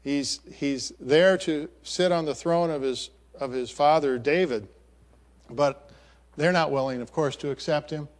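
A man delivers a sermon in a storytelling way, describing a picture scene by scene. His voice sits a little high for a man, and he often trails off and restarts his words. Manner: halting, repeats words.

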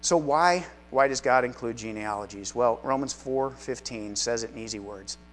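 A man's voice: mid-range voice, moderate pace, a little hiss or hum. A man teaching a live Bible study class in a chatty, self-deprecating way, with frequent asides to the group.

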